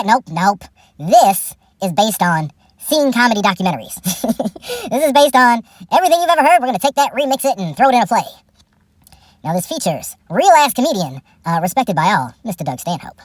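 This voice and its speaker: A tipsy woman hosting a comedic movie review in a rambling, profane way, often breaking into laughs. Her fairly high voice swings widely in pitch. The sound is dry and close to the mic. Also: big pitch swings, a little fast, no room sound. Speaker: host.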